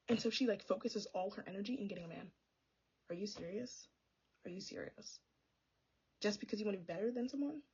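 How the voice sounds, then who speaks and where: Brief: young woman book vlogger, husky, rapid-fire, sassy and exasperated, slightly dull lo-fi sound. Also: mid-range voice, a little mellow. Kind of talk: casual chatty book review.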